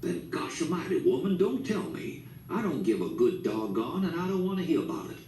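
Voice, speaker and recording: A man doing a gruff, blunt old man. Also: a little high, big pitch swings, brisk, dark tone, voice pushed up. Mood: exasperated. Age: older. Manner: folksy dialect, blunt, exasperated. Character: gruff old Southern storekeeper, blunt, stubborn. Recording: echoey room, distant mic, faint hiss.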